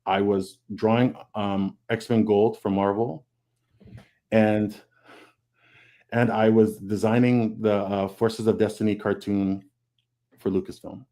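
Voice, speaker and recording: In an open, casual panel conversation held on a video call, a comic book artist talks earnestly, restarting frequently, repeating himself and voicing his own thoughts aloud. His voice is on the low side and mellow, delivered flat and slow with frequent pauses through the video call mic.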